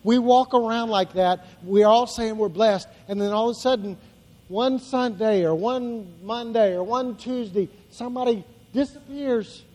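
Male pastor, very high voice, emphatic preaching with repetition, long hall reverb. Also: measured pace, a little mellow. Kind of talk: sermon. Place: church.

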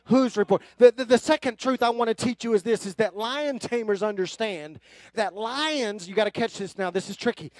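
A man preaching a sermon from the pulpit, emphatic and building into forceful runs. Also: sits high, moderate pace, no echo. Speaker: pastor.

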